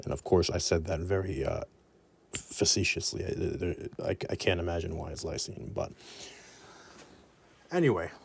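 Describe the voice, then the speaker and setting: A man's voice: sits low, moderate pace, creaky, pauses often, background noise. A male anatomy teacher giving a playful mnemonic lesson, full of rambling asides.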